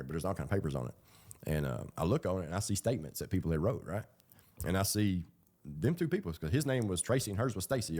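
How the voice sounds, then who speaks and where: Deep fast-talking man. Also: darkish tone. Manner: rambling, colloquial, with fillers and laughs. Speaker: ex-prisoner telling his story. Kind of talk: casual storytelling.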